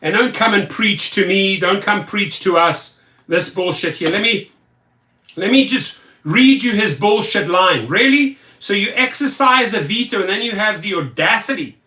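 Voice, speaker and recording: Tired rideshare guy ranting, sarcastic, high bright voice, echoey room, kinda far from the mic. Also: expressive, normal speed. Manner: angry, sarcastic, repetitive. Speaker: rideshare driver and video host. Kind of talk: ranting vlog commentary.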